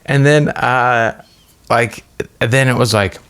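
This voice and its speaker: A man co-hosting a podcast, retelling a scare in a rambling, halting way with many restarts. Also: medium pitch, fairly even intonation, fairly bright tone, clear, resonant tone. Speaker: podcast co-host. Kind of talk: casual storytelling chat.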